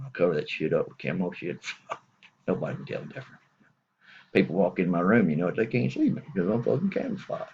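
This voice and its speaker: A man's voice: low-pitched, wildly swooping pitch, fairly quick, gravelly, a little mellow, lo-fi sound, slight background noise. A middle-aged man, rambling through a crude, profane comic story.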